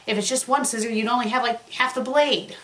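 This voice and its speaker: A woman reading a fan story aloud for comedy, breaking off to mock its spelling and grammar in deadpan asides. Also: on the high side, brisk, a little hiss or hum. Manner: deadpan mocking commentary on spelling errors. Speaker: fanfic critic reading aloud.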